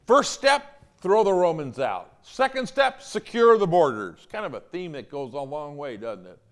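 A male pastor delivers a sermon with a high voice. He speaks with a lot of swing and emphasis, and he acts out the lines he quotes. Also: normal speed. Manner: animated, emphatic preaching with acted-out quotes.

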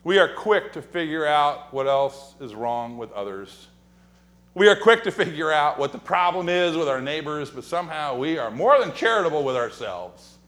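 A pastor delivering a sermon in a church sanctuary jokes his way through stories, acting out quotes and hushed gossip before landing each punchline. The man's slightly high voice ranges widely in pitch, and he keeps a moderate pace.

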